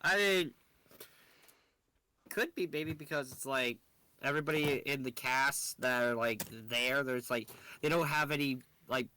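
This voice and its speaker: A man's voice: mid-range voice, a little slow, pauses often, pushed and bright. A man co-hosting a casual podcast, rambling with lots of fillers and laughing easily. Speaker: podcast co-host. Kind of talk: casual chat.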